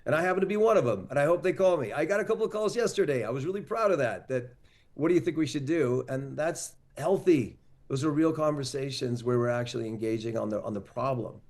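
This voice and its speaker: A man's voice: mid-range voice, animated, fast talker, hardly any pauses, darkish tone. A man answering as an interview guest, confident and opinionated about the sport.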